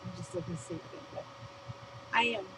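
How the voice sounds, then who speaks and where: A woman's voice: lowish voice, normal speed, noisy background. An American woman vlogger reading her own written rant aloud, blunt, profane and outspoken.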